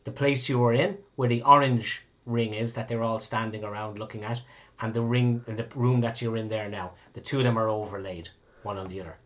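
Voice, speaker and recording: A man's voice: fairly low pitch, steady tone, brisk. A man running a tabletop game as game master, rambling and correcting himself with casual swearing.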